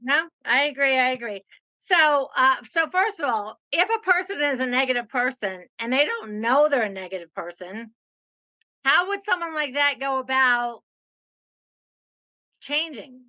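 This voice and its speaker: A woman hosting an interview, telling stories in a bubbly, expressive way. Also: high voice, a little slow, highs cut off. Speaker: host. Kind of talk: conversational interview.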